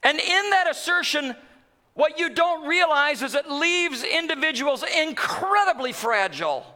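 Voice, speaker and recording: A middle-aged man preaching a sermon, dropping from ringing emphasis to hushed, near-whispered lines. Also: very high voice, lively intonation, unhurried. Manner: dramatic swings from loud to hushed. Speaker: pastor.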